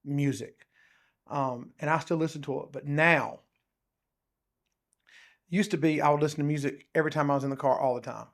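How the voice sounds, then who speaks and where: A man co-hosting a podcast, talking in a casual, animated and rambling way. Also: on the high side, moderate pace, long pauses. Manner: animated, rambling, says "dude" and "um" often. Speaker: podcast co-host. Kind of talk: casual chat.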